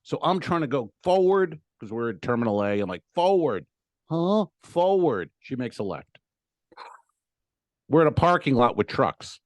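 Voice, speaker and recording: Animated, profane male podcast storyteller. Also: mid-range voice, normal speed, dry recording. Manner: animated, profane, acts out exclamations. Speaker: podcast co-host. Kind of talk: casual comedic storytelling.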